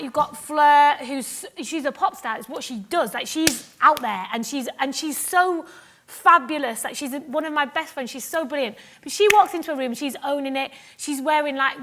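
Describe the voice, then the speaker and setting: A woman from Cumbria, a guest on a live festival stage, chatting in an animated, self-mocking way, laughing often and acting out what others said to her. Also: high-pitched, normal speed, background noise. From Cumbria, England. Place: festival stage before an audience. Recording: live stage mic with audience ambience.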